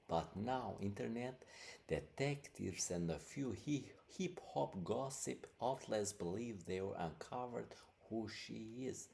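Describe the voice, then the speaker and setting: Male podcast host: low gravelly voice, slow, loose rambling commentary. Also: a little mellow, slight background noise. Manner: rambling, loose, many fillers. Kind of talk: casual commentary.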